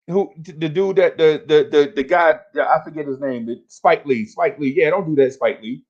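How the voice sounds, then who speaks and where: A man's voice: a little high, normal speed, hardly any pauses, darkish tone, muffled recording. A man hosting a fan livestream, talking casually and hyping up his chat in repetitive, slangy calls.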